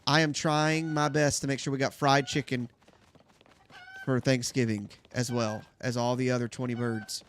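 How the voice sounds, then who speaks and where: A man's voice: medium pitch, level tone, normal speed, slight background noise. A young man hosting a gaming channel, chatting casually to his viewers as he plays. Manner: chatty, talks to viewers while playing. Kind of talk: casual gameplay commentary.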